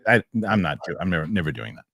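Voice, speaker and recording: A middle-aged man hosting a casual talk show, telling stories and reading viewer messages with animated, excitable delivery. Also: deep voice, very fast, creaky, dry recording, studio quality. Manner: animated storytelling, excitable rants. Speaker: show host. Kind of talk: casual chat.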